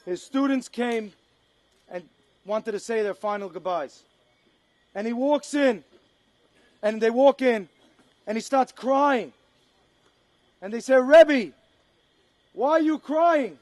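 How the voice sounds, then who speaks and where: A man giving an impassioned fundraising speech to an audience, building up to shouted appeals. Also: very high voice, slow pace, long pauses. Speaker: speaker at a charity fundraiser. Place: event room with an audience. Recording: echoey hall.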